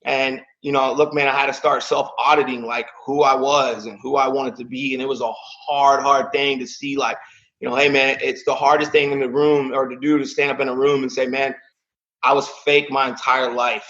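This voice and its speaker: A man's voice: mid-range voice, flat delivery, normal speed, a bit bright, highs cut off. A man in his thirties, a podcast guest, telling a personal story in a casual, emotional way, with "man" and "like" in almost every line. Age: 30s.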